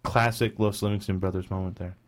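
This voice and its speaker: A man's voice: low-pitched, fairly even intonation, fairly quick. A man co-hosting a casual podcast chat, rambling playfully and turning mock-serious as he muses. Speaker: podcast co-host. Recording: music playing behind.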